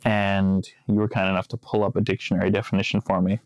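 Deep-voiced guy cohosting a podcast, jokey, dry close sound. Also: flat delivery, fast, clear, resonant tone, no echo. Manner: wry, joking, laughs often. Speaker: podcast co-host. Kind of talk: casual podcast chat.

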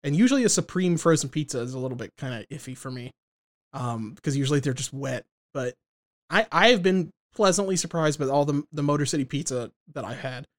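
A man's voice: a little high, animated, a little fast. A man co-hosting a podcast in casual, joking chat, laughing often and restarting his sentences. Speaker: podcast co-host.

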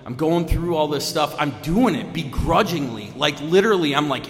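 A man giving a personal recovery talk at a meeting, telling his story casually with lots of fillers and sudden jumps in pitch and loudness. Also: normal speed. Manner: lively storytelling with big pitch swings, many fillers. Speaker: AA main speaker. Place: meeting room. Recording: echoey hall, long reverb.

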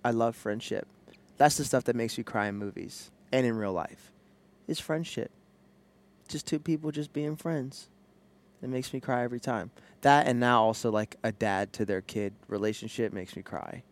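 A man's voice: medium pitch, moderate pace. Joking man chatting in a parked car. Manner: playful, jokey, animated storytelling. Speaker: podcast co-host. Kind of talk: casual chat. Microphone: headset.

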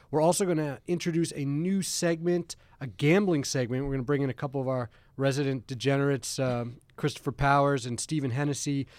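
A man with a fairly high voice hosts a podcast as a casual studio chat, rambling and self-deprecating, with restarts. The recording has no echo.

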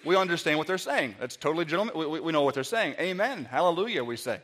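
A man preaching a sermon, telling a parable with lively storytelling and frequent stammered repeats. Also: a little high, very fast.

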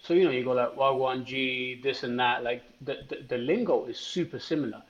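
A man's voice: medium pitch, fast talker. Muffled British man, casual chat. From Britain. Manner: swears freely, laughs through anecdotes. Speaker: podcast co-host.

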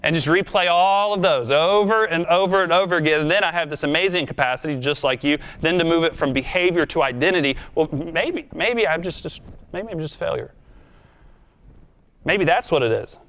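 A man's voice: on the high side, brisk, fairly bright tone. A man preaching a sermon in a conversational, earnest and self-deprecating way, then leading a prayer. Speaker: pastor.

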